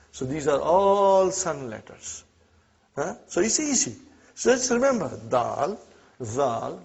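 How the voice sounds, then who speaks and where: A man's voice: a little high, slightly rough, muffled recording. A man teaching an Arabic class in a classroom, drilling pronunciation and often checking that students follow. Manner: repeats words slowly to drill pronunciation. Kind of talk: classroom lesson.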